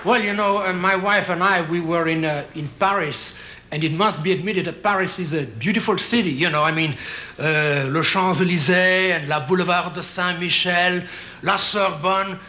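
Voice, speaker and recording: A man's voice: high-pitched, normal speed, bright, forceful tone, a faint crowd. A man chatting as a comedian guest on a talk show, joking and telling anecdotes. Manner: jokey, anecdotal. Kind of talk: talk show chat and storytelling.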